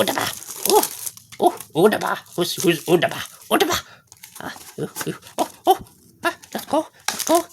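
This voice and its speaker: A woman's voice: fairly high pitch, noisy background. A woman in an unboxing vlog, giddy and squealing, rambling to herself as she opens card packs. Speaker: card pack opener.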